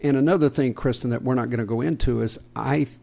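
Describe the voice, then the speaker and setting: Gravelly Southern American man, joking. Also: mid-range voice, quick pace, a little mellow. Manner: joking, laughs often, restarts sentences. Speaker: podcast co-host. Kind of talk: casual podcast chat.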